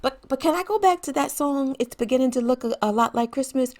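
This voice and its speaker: A woman's voice: high voice, quick pace, a little mellow. Chatty encouraging woman podcast host. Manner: chatty, encouraging, laughs often. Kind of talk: casual solo podcast talk.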